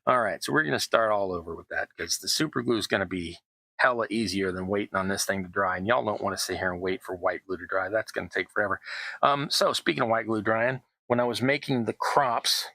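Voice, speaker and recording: A man's voice: lowish voice, brisk, gravelly, sharp tone, no echo, poor audio. A middle-aged man, chatting casually as he builds tabletop terrain, rambling and poking fun at himself. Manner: chatty, self-deprecating, rambling asides. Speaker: terrain crafting YouTuber. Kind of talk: casual crafting narration.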